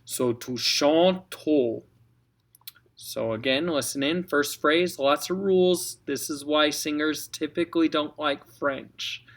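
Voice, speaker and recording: A choir director, a man with a voice on the high side, coaches singers through a French diction lesson at a slow pace. He patiently spells out letters and models each sound.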